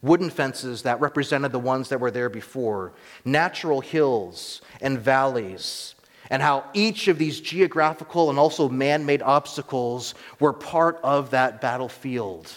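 A man's voice: mid-range voice, expressive. Earnest male pastor in a reverberant hall. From United States. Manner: earnest, measured, slows for emphasis, drops to a hush on key words. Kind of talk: sermon. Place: church sanctuary.

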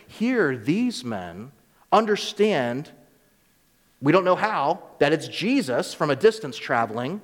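A man's voice: fairly high pitch, big pitch swings, slow pace, big-room sound. A man preaching a sermon in a conversational way, sometimes acting out the voices of people in the story. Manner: conversational, acts out voices of biblical figures.

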